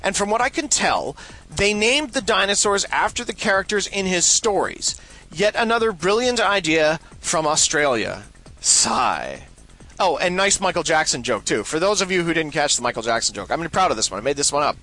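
A male host talks casually through listener questions in a bright, slightly high voice. He rambles and stumbles over repeated words, and his tone turns sarcastic and animated. He swears freely along the way. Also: normal speed. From Canada. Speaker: show host. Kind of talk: casual solo commentary, reading listener mail.

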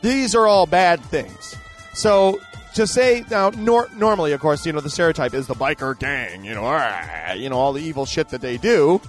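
A man with a somewhat raised pitch holds forth in a loose, emphatic monologue. He circles back on himself often and piles on fillers as he answers a listener's letter. Soft music plays quietly underneath. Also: animated, normal speed. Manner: rambling, emphatic, full of fillers and restarts. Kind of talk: casual ranting monologue.

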